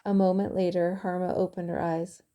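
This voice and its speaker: A woman author reading her own novel aloud in calm, even audiobook narration. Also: fairly low pitch, normal speed.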